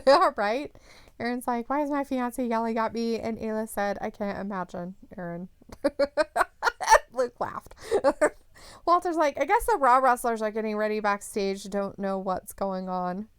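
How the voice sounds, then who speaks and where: A woman's voice: a little high, expressive, a little slow, smooth, no room sound. A woman co-hosting a live stream in casual chat, laughing often as she reads viewer comments aloud.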